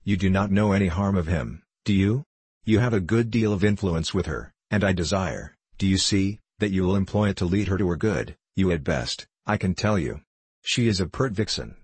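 A blustering, bullying country squire, read by a man who scolds and lays down the law. The voice sits very low with a husky grain. It is recorded close and dry, with no room sound. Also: normal speed, a little mellow, no room sound. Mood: domineering. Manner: domineering, scolding. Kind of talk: audiobook character reading.

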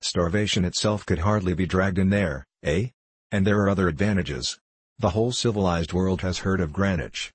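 A man's voice: sits low, moderate pace, slightly rough, dry recording. A man reading an audiobook, voicing a scheming, contemptuous foreign diplomat who speaks in a guttural, mocking, condescending way.

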